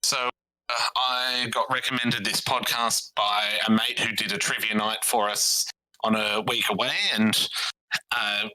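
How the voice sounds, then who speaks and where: A man's voice: on the low side, flat delivery, a little slow, pushed and bright, rough recording. A young Australian man guest-hosting a podcast quiz, easygoing and self-deprecating, on a video call from home. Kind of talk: casual podcast chat.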